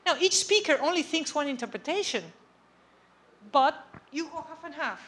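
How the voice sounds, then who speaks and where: A woman's voice: high voice, animated, moderate pace, a bit bright. A woman giving an academic lecture in a conversational way, often checking in with her audience. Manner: conversational, checks understanding with frequent "okay?" and "right?". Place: lecture room.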